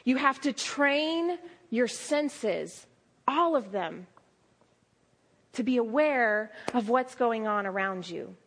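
A young adult woman preaching a sermon, telling stories with lively quoted asides. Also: a little high, takes it slowly.

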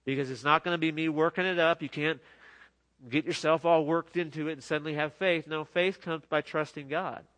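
A man's voice: on the high side, steady tone, brisk, fairly bright tone. A middle-aged man preaching a sermon in an earnest, conversational way, often restarting his sentences. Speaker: pastor.

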